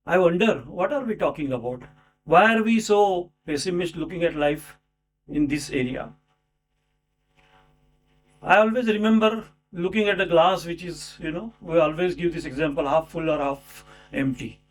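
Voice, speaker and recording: A man's voice: a little high, moderate pace, slight background noise. A man giving a formal speech at a book launch, introducing an author with rhetorical questions and asides. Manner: rhetorical, with many fillers and asides.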